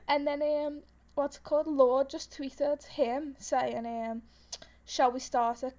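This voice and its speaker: A woman's voice: high voice, little pitch movement, slow, a little mellow. A young woman, chatting casually as a podcast co-host and telling rambling stories with lots of fillers and giggles. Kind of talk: casual chat.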